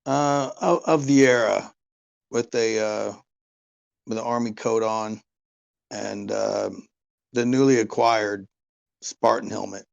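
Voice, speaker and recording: A man's voice: lowish voice, steady tone, slow pace, gravelly, long pauses, dull audio. A man playing a character in a tabletop game, casual and joking. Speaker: player.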